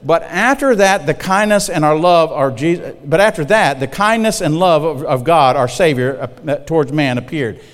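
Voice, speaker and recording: Middle-aged male pastor, fairly high voice, folksy and conversational, preaching in a big hall with long reverb. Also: moderate pace, few pauses. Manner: folksy, conversational, checks in with the congregation. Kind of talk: sermon.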